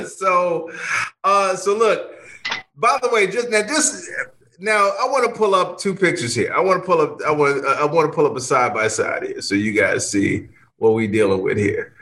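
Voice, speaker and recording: A man co-hosting a casual podcast chat, a comedian who talks in an animated way, laughing and restarting his sentences. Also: a little high, normal speed. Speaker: co-host.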